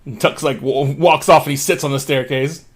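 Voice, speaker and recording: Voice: mid-range voice, fairly even intonation. Casual, laughing game master. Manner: laughing, casual, quick to break up. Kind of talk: narrating a tabletop game.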